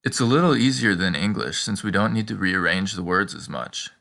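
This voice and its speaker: Male teacher for a scripted lesson, bright and forceful tone, slows down for the examples. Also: low-pitched, expressive, creaky. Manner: prompting the listener with questions and pauses. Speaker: language teacher.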